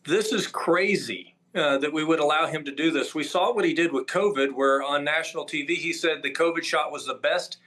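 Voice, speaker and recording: A man appears as a guest doctor in an interview. His voice runs a little higher than most men's. He talks emphatically and lists his points one after another, with frequent filler sounds. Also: brisk, hardly any pauses, fairly bright tone.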